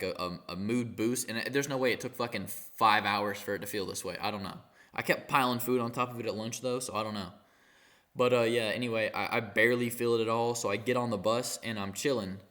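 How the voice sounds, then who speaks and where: A teenage boy rambling through a storytime vlog while high, halting and full of fillers and swearing. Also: sharp tone. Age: teens. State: high on cannabis. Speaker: vlogger.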